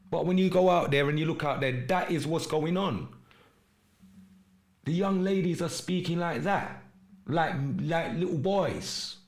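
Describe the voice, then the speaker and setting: A man hosting a live stream podcast, delivering an urgent, preachy monologue in street slang and shouting out viewers in the chat. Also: on the high side. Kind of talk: impassioned livestream monologue with chat shout-outs.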